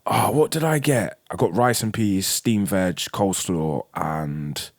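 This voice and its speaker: A young podcast co-host with a fairly low voice talks at a measured pace during casual chat. He tells animated stories heavy on slang and swearing, acting out different voices along the way.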